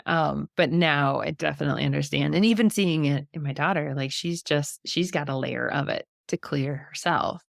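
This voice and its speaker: A middle-aged woman hosting a podcast, talking in a soft, reflective way in short, trailing phrases. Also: sits low, moderate pace, vocal fry, few pauses, no room sound, studio quality. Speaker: podcast host. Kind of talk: reflective casual conversation.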